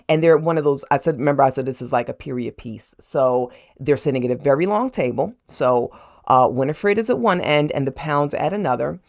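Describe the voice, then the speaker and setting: A woman's voice: low-pitched, a little fast, creaky. A woman hosting her horror book vlog, chattily recapping a chapter and often checking in with "okay?". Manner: animated, laughs while retelling. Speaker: host and horror book reviewer.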